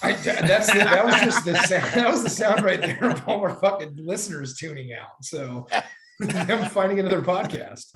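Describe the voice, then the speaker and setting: A man's voice: sits high, animated, normal speed, roomy sound, a loud crowd. A man, the producer, throwing sarcastic teasing at the hosts in casual chat.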